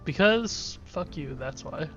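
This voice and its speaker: A man's voice: on the high side, expressive, slow, a bit bright, dull audio, faint music behind. A man giving casual gameplay commentary as a let's play host, joking and irreverent, thinking aloud. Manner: joking, irreverent, talks to himself.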